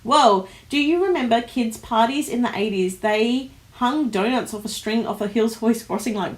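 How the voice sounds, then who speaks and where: Australian woman, host of a casual home livestream, bubbly and fast-shifting, slightly high voice. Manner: chatty, animated, laughs often, many fillers. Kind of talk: casual livestream chat reading comments. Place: home office.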